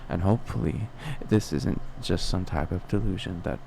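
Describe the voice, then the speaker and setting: In a deep voice with vocal fry, a young man hosts a podcast by himself at a normal speed, background noise audible. His reflective personal talk meanders and doubts itself, riddled with restarts and fillers.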